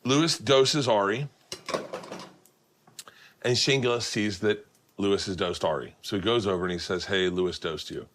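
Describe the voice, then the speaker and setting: A man's voice: lowish voice, measured pace, pauses often, a little hiss or hum. A middle-aged man hosting a podcast, telling rowdy anecdotes over dinner with lots of restarts and swearing. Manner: profane, animated anecdote telling with many restarts. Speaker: podcast host.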